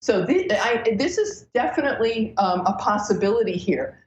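A woman astrologer as a podcast guest, telling stories in an animated, breathless way with many restarts. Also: on the high side, normal speed, slight background noise. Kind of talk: casual podcast interview. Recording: roomy, dull lo-fi sound.

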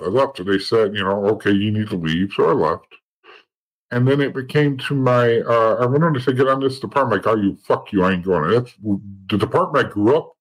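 On a rough recording, a man with a mid-range voice speaks as an interview guest, a former police officer and informant. He swears heavily, keeps his telling blunt, and acts out others' dialogue.

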